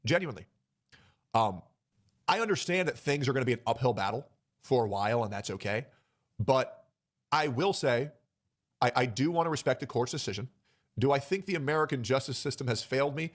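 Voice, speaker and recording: A man making a personal announcement on his stream, hesitant and emotional, pausing often with fillers. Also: mid-range voice.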